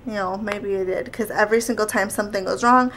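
A young woman vlogging in casual chat, talkative and quick to argue. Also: mid-range voice, fairly even intonation, a bit bright, a little hiss or hum. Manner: chatty, argumentative, quick back-and-forth.

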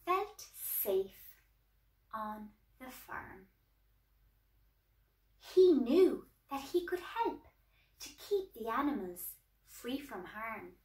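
A woman tutor reading a children's storybook aloud in a slow, deliberate, gentle way. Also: on the high side, very animated, reverberant, distant mic.

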